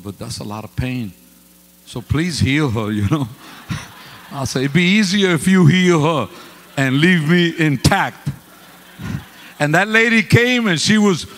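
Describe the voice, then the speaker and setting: A man preaching a storytelling sermon as pastor, swinging from quiet asides to loud exclamations, speaking into a microphone in a church sanctuary. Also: medium pitch. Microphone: handheld or stand mic. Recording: reverberant church hall with faint hum.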